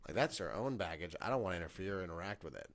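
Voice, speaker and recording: A man's voice: low-pitched, very animated, racing. Reflective podcast host in his twenties. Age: 20s. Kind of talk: casual chat.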